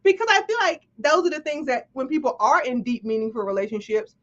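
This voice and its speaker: Woman host, casual live chat, animated and chatty, dull lo-fi sound. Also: sits high, fairly quick. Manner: animated, chatty, laughs often, lots of "right?". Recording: dull lo-fi stream audio.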